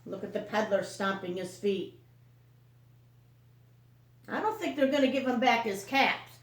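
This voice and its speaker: A woman teacher reading a picture book aloud to children, slowly, often stopping to ask them questions. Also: fairly high pitch, expressive, roomy sound. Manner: slow, questioning storytime delivery.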